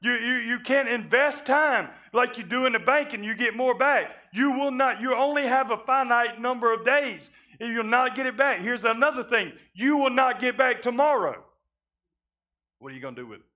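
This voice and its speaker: A man preaching a sermon in a conversational way, often repeating words and dropping his voice low at times. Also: normal speed, few pauses, sharp tone. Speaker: pastor. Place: church sanctuary.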